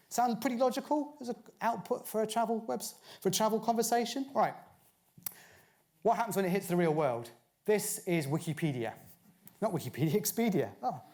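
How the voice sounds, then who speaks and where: A man's voice: high-pitched, a little fast, darkish tone. A man from Bristol gives a chatty conference talk, firing rhetorical questions at a live audience. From Bristol, England. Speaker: conference speaker. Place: conference stage.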